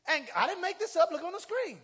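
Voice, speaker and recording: A man pastor preaching a sermon in a church, leading call-and-response and rising to shouts. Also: very high voice, sing-song, brisk. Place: church sanctuary. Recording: long hall reverb.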